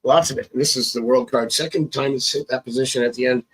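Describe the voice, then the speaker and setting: A man's voice: mid-range voice, steady tone, quick pace, a bit bright, husky, rough recording. A man reading tarot cards on a live stream. He chats casually, thinks aloud and chuckles often. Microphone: phone.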